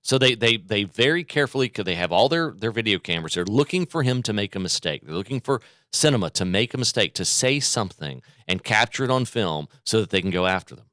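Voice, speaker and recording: A man's voice: on the low side, animated, fast talker, a bit bright, no echo, clean studio sound. A man hosting a political talk radio show, emphatic and repeating phrases for effect.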